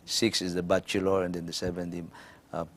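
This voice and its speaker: This is an older Filipino man with a deep, low voice. He gives measured, halting answers in a formal studio interview. He often stops on "uh" and tags his points with "no?". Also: monotone. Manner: halting, many fillers and tag "no?". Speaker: government education official interviewed as guest.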